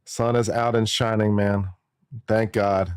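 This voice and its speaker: A man's voice: on the low side, level tone, slow pace, a little mellow, clear, resonant tone, no echo, clean studio sound. A man, an attorney, giving casual and jokey live-stream commentary, musing aloud and often repeating himself.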